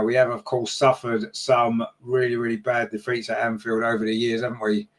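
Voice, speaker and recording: A man giving live fan-channel football commentary, chatty and partisan, his voice jumping up when chances come. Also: mid-range voice.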